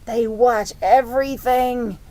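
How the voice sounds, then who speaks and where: A woman's voice: on the high side, fairly even intonation, slow pace, mellow. A middle-aged woman pastor giving a conversational sermon, telling personal stories in a heartfelt way. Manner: heartfelt, personal storytelling with frequent restarts.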